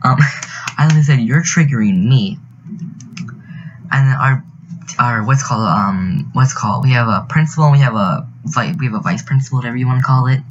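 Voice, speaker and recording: Over a game video, a teenage boy YouTuber narrates a speed build, spinning an indignant, filler-heavy, rambling story as a casual voiceover. He talks fast and expressively at a medium pitch, and the lo-fi sound has a bit of hiss or hum.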